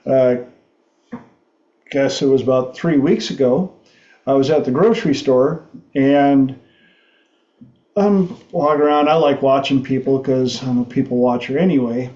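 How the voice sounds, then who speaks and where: A man hosting a talk show, telling a story slowly and haltingly, laughing often. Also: medium pitch, warm tone, roomy sound, dull audio. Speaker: host.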